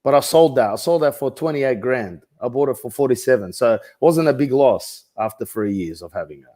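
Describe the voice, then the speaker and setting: A middle-aged man with an Australian accent, talking in a deadpan, rambling, mock-serious way as a comedic real estate agent in an interview. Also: mid-range voice, fairly quick.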